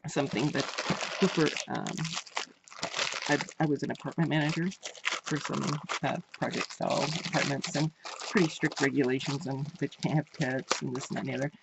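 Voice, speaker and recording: A woman's voice: very deep voice, steady tone, brisk, vocal fry, very noisy. A woman vlogger chatting casually while unboxing crafts, gushing and repeating her praise. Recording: dull lo-fi home recording.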